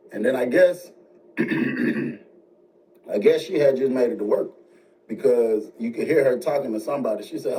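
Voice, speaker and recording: A man telling a story in a casual way, jumping high in pitch when he quotes other people. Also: moderate pace. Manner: animated retelling, jumps high when quoting others. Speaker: storyteller in played video. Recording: distant mic with faint noise.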